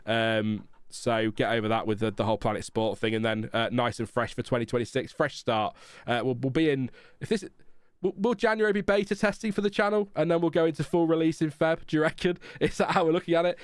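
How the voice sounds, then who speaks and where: A man's voice: medium pitch, a little fast, clear, resonant tone, dry recording, studio quality. A man hosting a casual live watchalong stream, chatting frankly and rambling with fillers. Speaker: livestream host.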